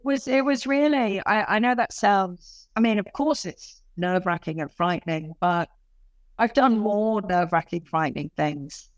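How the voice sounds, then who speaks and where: A woman in her late fifties with a London accent, chatting as an interview guest in an animated, self-mocking way with many restarts. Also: medium pitch, normal speed, dry recording, clean studio sound. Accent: London English. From London, England. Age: late 50s. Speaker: guest author and performer. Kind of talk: casual interview chat.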